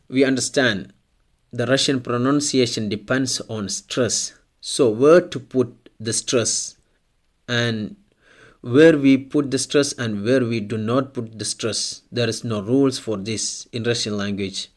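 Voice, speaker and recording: Slow, deliberate male language teacher. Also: mid-range voice. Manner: slow, deliberate, repeats example words. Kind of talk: scripted language lesson.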